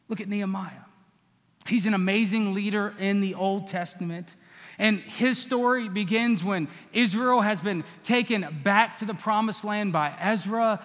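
A man's voice: sits high, a bit bright, big-room sound. A man preaching a sermon as pastor, conversational and teasing the congregation by name.

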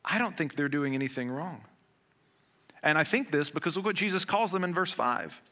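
Fields: Sex: man. Role: pastor. Style: sermon. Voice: forceful, somewhat high. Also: expressive, moderate pace. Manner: swings between loud emphatic passages and hushed, quiet ones; conversational and earnest, with everyday humor.

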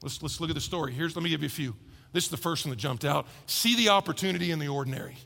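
A man preaching a sermon as pastor, animated and acting out the voices of characters. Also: on the high side, rapid-fire, gravelly, long reverb tail. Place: church hall.

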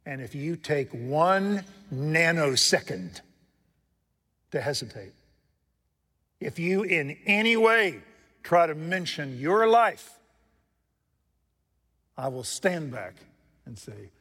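A man preaching a sermon from the pulpit, jumping from loud emphatic lines to hushed asides and putting questions to his congregation. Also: on the high side, expressive, takes it slowly, pauses often. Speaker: pastor. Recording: long reverb from a large hall.

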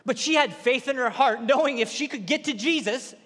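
A man preaching a sermon, retelling a story with lively, acted-out quotes. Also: extremely high pitch, a little fast, in a large hall.

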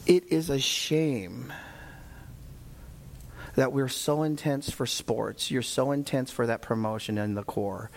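A middle-aged man, a pastor, preaching a sermon and telling a story in an animated way, shouting now and then for emphasis. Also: mid-range voice.

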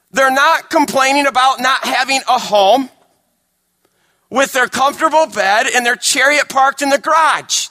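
A male pastor delivers a sermon in a high, bright voice. He builds emphatic, raised runs, then sinks to hushed, intimate lines. The delivery is animated and storytelling. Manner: dramatic, swinging from emphatic to hushed.

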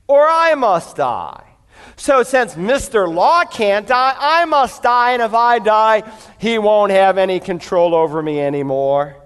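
A male pastor gives a storytelling sermon to a congregation, often addressing them directly. His voice sits high and rings clear and smooth. It carries the long reverb of a large church hall. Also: fairly bright tone. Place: church before a live congregation.

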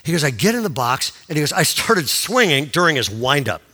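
Bright-voiced animated preacher man. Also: on the high side, fairly quick. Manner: animated storyteller, swings from hushed to loud. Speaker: pastor. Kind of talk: sermon storytelling.

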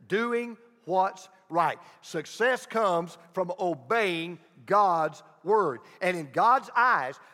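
A man preaching a sermon, emphatic, repeating key phrases and dropping very soft for emphasis. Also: high-pitched, in a large hall. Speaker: pastor.

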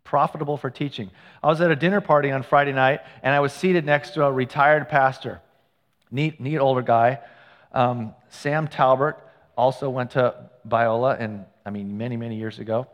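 Male pastor, mid-pitched, chatty storytelling sermon, long church reverb. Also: steady tone, moderate pace. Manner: conversational, storytelling with asides and self-corrections. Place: church sanctuary.

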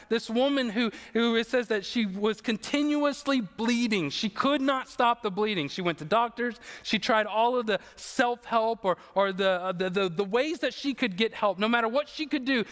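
High-voiced earnest male preacher. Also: a bit bright, long reverb tail. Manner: earnest, emotional preaching with emphatic slow phrases. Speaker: pastor. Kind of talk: sermon.

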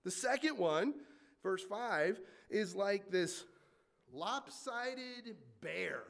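Animated, joking man preaching a sermon. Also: high-pitched, very slow, vocal fry. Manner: animated, conversational storytelling with asides and jokes. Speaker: pastor.

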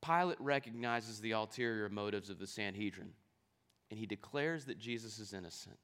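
A man's voice: on the low side, animated, moderate pace, fairly bright tone, clear, resonant tone. A man preaching a sermon, reading scripture aloud and explaining it, asking rhetorical questions along the way. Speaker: pastor.

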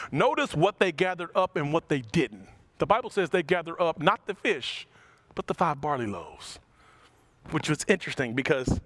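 A man preaching a sermon as pastor, animated, with big swings in pitch and loudness as he acts out the passages.

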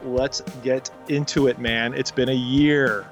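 A man's voice: medium pitch, steady tone, a little slow, faint music behind. A man co-hosting a church podcast in casual, upbeat chat, recorded on a home studio microphone over a video call. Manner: upbeat, plugs church events. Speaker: podcast co-host.

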